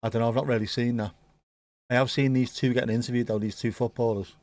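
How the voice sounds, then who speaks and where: A British man commenting on a match as it unfolds, joking one moment and loudly excited the next. His voice sits at an ordinary middle pitch and is recorded close and dry, with no room sound. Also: quick pace, no room sound. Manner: joking, bursts into excitement at goals. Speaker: watchalong host. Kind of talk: casual live match commentary.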